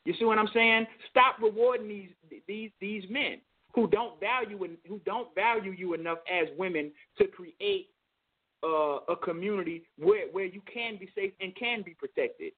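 A man's voice: high voice, normal speed. A man co-hosting a call-in talk show, speaking emphatically and often repeating himself. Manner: emphatic, repeats phrases, says "you know what I'm saying". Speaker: co-host. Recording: tinny phone-line sound.

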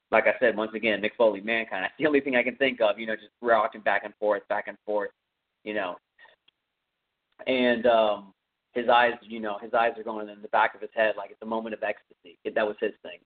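A man hosting a podcast from his home, recapping a horror film in a casual, rambling way with lots of fillers. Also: fairly low pitch. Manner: rambling, many fillers, conversational. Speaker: podcast host. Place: home room with a cat. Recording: phone-like narrow sound.

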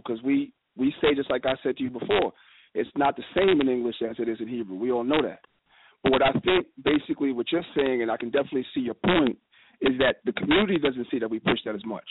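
A man speaking as a guest in a casual radio discussion, telling stories with quick, animated quoted dialogue. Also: medium pitch. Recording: noisy phone line.

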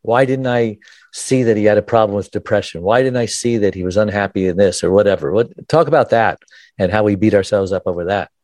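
A male interview host with a lowish voice speaks in an earnest, personal way. The sound is dry and close, with no room around it. He asks his questions in a conversational tone. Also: brisk, a little mellow, dry recording. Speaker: podcast host.

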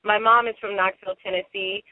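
A woman's voice: mid-range voice, fairly quick, no echo. A woman from Ohio, a matchmaker guest, chatting and telling stories with laughs in a phone interview. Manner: chatty, laughing, animated storyteller. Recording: tinny phone line, dry.

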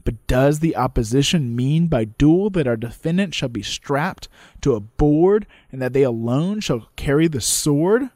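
A man reading out an impassioned courtroom speech as a male orator, with measured, dramatic pauses. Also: a little high, animated, darkish tone, no echo, studio quality.

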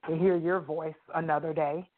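A woman co-hosts a faith talk radio show, talking warmly and quickly as she affirms her partner. Her voice sounds thin and narrow, carried over a phone line. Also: low voice, steady tone. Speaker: co-host.

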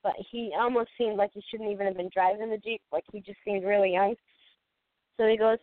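A woman's voice: mid-range voice, fairly even intonation, moderate pace, no echo. A woman in her thirties co-hosting a podcast, telling a story in a rambling way and laughing often. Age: 30s. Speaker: podcast co-host. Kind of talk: casual storytelling chat. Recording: dry, tinny phone-like sound.

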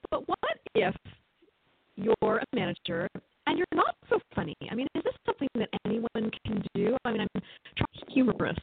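A woman host interviews a guest, her voice deeply gravelly with a husky edge. Her pitch swoops widely as she reacts. The sound is thin and phone-like, with no room sound. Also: wildly swooping pitch, fairly quick, no room sound, soft background music. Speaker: radio show host. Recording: tinny phone line.

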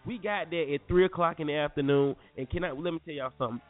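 A young man from North Carolina, animated and slangy, telling a story to listeners as a podcast host. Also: on the high side, fast. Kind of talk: casual storytelling. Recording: phone-like lo-fi audio with faint music.

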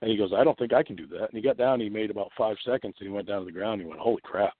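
Man guest, low voice, rambling phone chat, tinny dry line. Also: rapid-fire, no room sound. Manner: rambling, many restarts and laughs.

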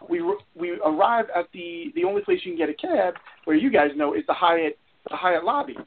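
A man, a convention showrunner and podcast guest, telling an animated story and acting out the quotes. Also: high-pitched, fairly quick, gravelly. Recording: tinny phone-like line with faint hiss.

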